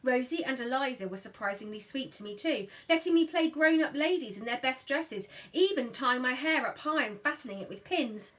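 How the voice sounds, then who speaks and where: A woman reading a children's novel aloud in scripted narration, giving the dialogue lively voices. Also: high voice, normal speed, few pauses, rough recording. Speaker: audiobook reader.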